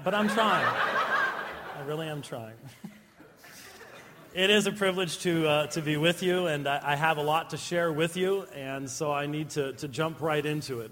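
A man's voice: fairly high pitch, bright, forceful tone. A man giving a conference lecture to a live audience, with humorous, self-deprecating asides. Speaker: conference speaker. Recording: long hall reverb.

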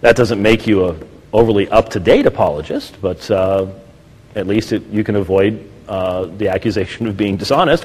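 A man speaking to an audience, telling anecdotes in a lively way and acting out what others said. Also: fairly low pitch, brisk, slightly rough. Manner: animated storytelling, acts out quotes. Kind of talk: lecture with anecdotes. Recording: echoey hall.

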